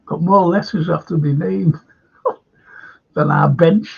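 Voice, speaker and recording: Gravelly blunt man. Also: a little high, steady tone, slow pace, long pauses, muffled recording. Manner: blunt, opinionated, laughs at own jokes. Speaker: host. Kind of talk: casual football chat.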